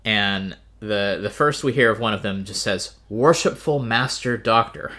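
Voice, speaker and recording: A man co-hosting a book podcast in casual chat, relaxed, thinking aloud with "uh" and "um". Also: on the low side, moderate pace.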